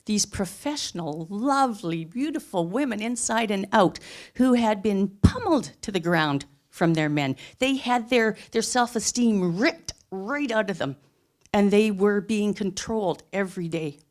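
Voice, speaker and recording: A woman's voice: medium pitch, expressive, a little slow. A middle-aged woman telling her own life story in an earnest, emphatic way, building up short phrases one after another. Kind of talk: personal storytelling talk.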